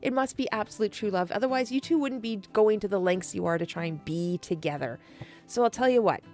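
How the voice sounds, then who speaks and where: A woman's voice: medium pitch, a little fast, a little mellow, faint music behind, close to an everyday voice. A woman voicing a kindly, scheming middle-aged male friar who talks in a reassuring, conspiratorial way.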